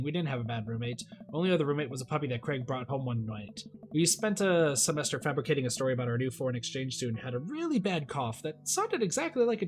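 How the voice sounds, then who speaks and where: A streamer playing a dating game, reading the dad's lines aloud with playful joking asides. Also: medium pitch. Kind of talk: let's play with read-aloud dialogue and jokes.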